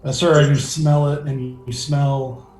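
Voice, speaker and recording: A man's voice: medium pitch, flat delivery, slow pace, a little mellow. A man narrating as game master of a tabletop game, rambling with many fillers and restarts. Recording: echoey room with faint music.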